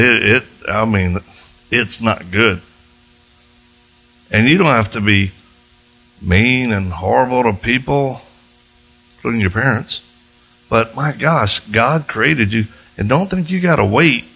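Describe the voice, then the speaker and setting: Male preacher, gravelly and slightly husky, animated storyteller who leaps into high voices when quoting. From United States. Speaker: missionary preacher. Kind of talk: sermon with storytelling.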